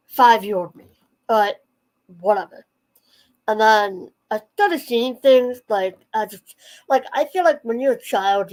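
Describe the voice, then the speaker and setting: A woman's voice: medium pitch, rough recording. A woman in her forties telling a personal story in a casual, rambling way, full of fillers and restarts. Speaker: channel host.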